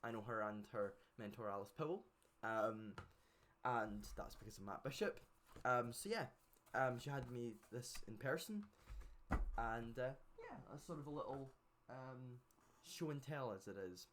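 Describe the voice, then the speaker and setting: Chatty teen, halting delivery. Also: male voice, mid-range voice, animated, fairly bright tone, slight background noise. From Scotland. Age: late teens. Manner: chatty, hesitant, many fillers and restarts. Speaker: channel host. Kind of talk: casual to-camera introduction.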